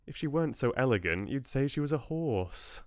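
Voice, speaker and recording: A man's voice: mid-range voice, expressive, normal speed, no echo, clean studio sound, voice pushed up, natural voice. A man voicing an earnest young woman who is a little self-conscious. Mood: amused.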